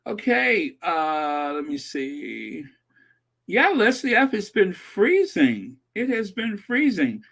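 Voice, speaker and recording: A man's voice: high-pitched, very animated, slow pace, vocal fry, a bit bright. A man hosting a livestream, reading viewer comments in a chatty, rambling way and thinking aloud. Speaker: livestream host reading chat. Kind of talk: casual chat.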